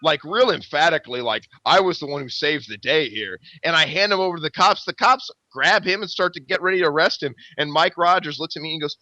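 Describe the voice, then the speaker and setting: A man rambles through a profane story with a bright, forceful voice. He swears constantly and keeps the energy animated. The sound is dry and a bit dull, like a lo-fi podcast recording. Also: on the high side, fairly quick, few pauses, no room sound. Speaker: podcast host.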